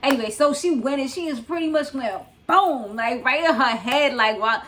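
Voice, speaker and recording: A woman's voice: high-pitched, moderate pace, fairly bright tone, slight background noise. Chatty woman recapping a reality show. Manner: chatty, filler-heavy, laughs often. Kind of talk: casual recap commentary.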